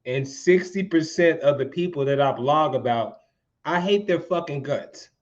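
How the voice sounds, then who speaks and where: A man's voice: a little high, normal speed, dull audio. A man who blogs about hip hop, talking loosely on a podcast with casual swearing. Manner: loose, swearing, laughing asides.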